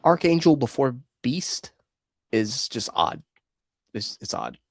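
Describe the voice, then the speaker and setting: Lively, exasperated man in a dry room. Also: medium pitch, slow, no room sound. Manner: casual and exasperated, lots of fillers and sighs. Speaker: toy collecting livestream co-host. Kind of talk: casual chat.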